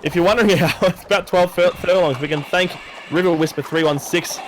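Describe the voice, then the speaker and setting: A man calls a virtual race with a high, excitable voice, tossing in jokes between the action. A faint hiss sits under the recording. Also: a little fast. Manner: excitable, jokey play-by-play. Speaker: race commentator. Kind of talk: sim racing commentary.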